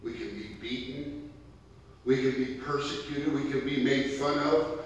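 Preacher guy hammering points over and over, slow, lots of echo, sounds far from the mic. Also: medium pitch, fairly even intonation, muffled recording. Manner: emphatic, repetitive preaching with rising emphasis. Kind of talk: sermon. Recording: echoey hall from far off.

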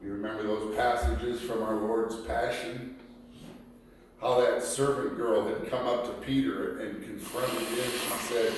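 A man preaching a sermon, reading scripture passages aloud and explaining them in a slow, deliberate way. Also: medium pitch, fairly even intonation, slight background noise. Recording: echoey room picked up from a distance.

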